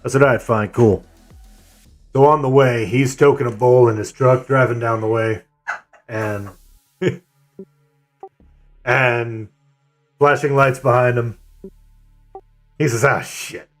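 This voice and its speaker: A man streaming and leading an online game raid, telling a story and giving calls in a relaxed, rambling way. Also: medium pitch, slow pace, long pauses, soft background music.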